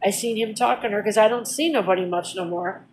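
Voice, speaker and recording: A woman's voice: mid-range voice, fast, slight background noise, low-quality recording. A woman telling a personal story in a casual vlog, venting in a heated, aggrieved and blunt way with repeated phrases and swearing. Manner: blunt, profane everyday speech. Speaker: vlogger.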